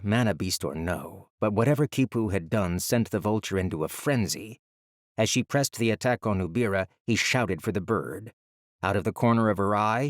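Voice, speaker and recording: A man narrating a fantasy audiobook with dramatic, measured storytelling, recorded on a close studio mic. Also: on the low side, no echo.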